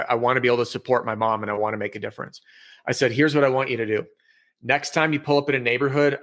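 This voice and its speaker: Brief: candid, energetic man, mid-pitch, a sales trainer guesting on a podcast over a video call. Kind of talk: casual podcast interview. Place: home office with bookshelf.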